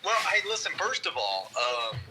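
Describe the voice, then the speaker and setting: A man's voice: medium pitch, moderate pace, slight background noise, low-quality recording. A man telling a rambling, self-mocking story in casual podcast chat. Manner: rambling, lively storyteller with restarts. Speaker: podcast co-host.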